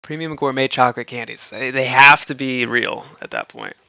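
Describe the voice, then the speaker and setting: A man's voice: medium pitch, huge pitch swings, normal speed, vocal fry, bright, forceful tone, no echo, highs cut off. A man hosting a livestream, chatting casually and rambling with lots of fillers and frequent laughs. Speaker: livestream host.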